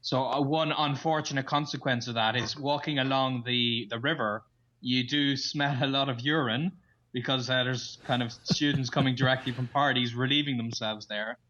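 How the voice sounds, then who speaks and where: A man's voice: medium pitch, steady tone, normal speed, sharp tone. An Irish man chatting enthusiastically as a podcast guest, telling stories from his travels. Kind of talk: casual interview chat. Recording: dull lo-fi sound.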